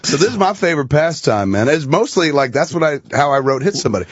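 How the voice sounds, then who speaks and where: A middle-aged man, a guest on a radio talk show, telling stories in a lively, profane way with quick laughs. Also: a little high, dry recording. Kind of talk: casual radio chat. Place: radio studio. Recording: dry, slightly muffled studio audio.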